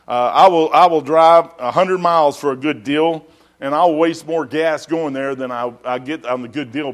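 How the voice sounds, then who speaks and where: A middle-aged man, preaching a sermon as a pastor in a folksy, rambling storytelling way. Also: mid-range voice.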